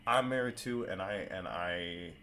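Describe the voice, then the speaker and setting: A man hosting a podcast in casual chat, who stutters and searches for words, animated and quick to laugh. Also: low voice, slight background noise. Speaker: podcast host.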